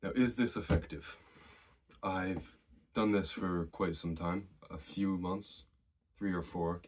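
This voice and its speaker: Very low-voiced man giving gym advice. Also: slow. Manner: relaxed, conversational, shares personal experience. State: slightly out of breath. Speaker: fitness vlogger. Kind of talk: casual advice to camera.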